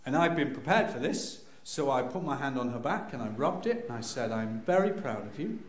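A man telling a humorous personal story to an audience, acting out scenes with sudden loud cries. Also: medium pitch, lively intonation, brisk, slight background noise. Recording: echoey room.

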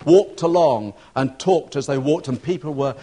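A preacher delivers a sermon as a told story. He pitches his voice fairly high for a man, and he raises it further when he acts out the shouting in the scene. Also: normal speed, slightly rough.

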